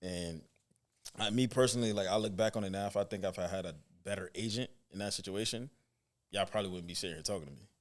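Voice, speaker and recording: A man's voice: sits low, quick pace. A man in his twenties, a football coach, talking casually and telling stories in slang on a podcast. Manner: loose, slangy storytelling, animated when imitating parents. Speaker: football coach and trainer, guest.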